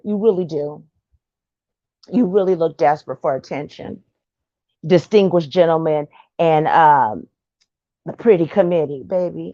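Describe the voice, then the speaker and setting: Low-voiced woman on a livestream talking trash, sassy and blunt, dry close sound. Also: moderate pace, mellow, dry recording, lo-fi sound. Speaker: livestream commentator. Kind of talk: casual gossip commentary.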